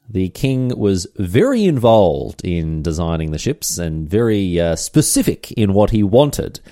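A man's voice: deep voice, warm tone, no room sound, clean studio sound. A man hosting a comedic history podcast, telling the story with chatty, irreverent asides and casual swearing. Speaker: podcast host.

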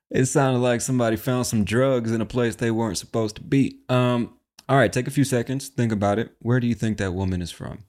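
A man's voice: medium pitch, steady tone, moderate pace, darkish tone. A man with an American accent hosting an accent quiz podcast in laid-back, slangy, playful casual chat. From United States. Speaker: podcast host.

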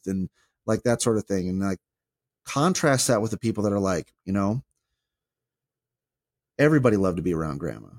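Man with a low voice, dry close mic, rambling casual chat, animated, restarts a lot. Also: fairly quick, pauses often, no echo. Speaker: podcast co-host, former pastor.

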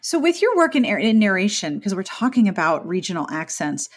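A woman's voice: medium pitch, very animated, brisk, slightly rough. A woman podcast host from Pittsburgh, chatty and enthusiastic, interviewing a guest. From Pittsburgh, USA. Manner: enthusiastic and chatty, with playful asides.

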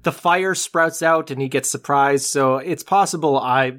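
A married man co-hosting a film podcast, explaining plot details at length in a patient, gently teasing way. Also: on the high side, a little slow. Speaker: podcast co-host. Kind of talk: casual film discussion.

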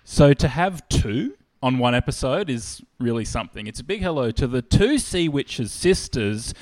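A man hosting a comedy quiz podcast, asking playful questions in a deadpan way. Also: medium pitch, normal speed, dry recording.

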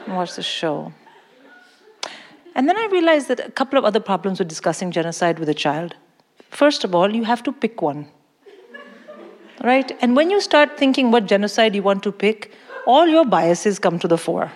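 A woman's voice: mid-range voice, fairly quick. A middle-aged woman from India, doing blunt, profane, mock-outraged stand-up comedy on a live stage. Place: live venue stage in London. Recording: live hall reverb.

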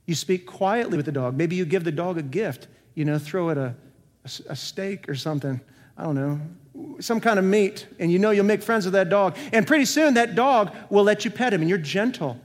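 A man's voice: high-pitched, lively intonation, brisk. Earnest preacher man in a reverberant church. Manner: earnest preaching with rhetorical questions, swinging between emphatic and soft. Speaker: senior pastor. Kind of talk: sermon. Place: church sanctuary. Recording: long hall reverb.

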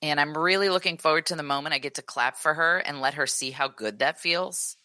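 A woman's voice: low voice, a little fast, no echo. A woman in her thirties co-hosting a podcast, telling a story in casual chat and acting out what people said. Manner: animated storytelling, acts out quotes. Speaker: podcast co-host.

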